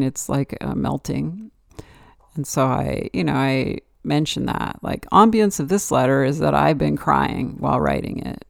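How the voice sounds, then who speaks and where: Reflective woman with a gravelly voice. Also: rumbling low, no echo, clean studio sound. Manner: rambling and reflective, with many "like" and "you know" fillers. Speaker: podcast host. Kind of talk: casual solo podcast monologue.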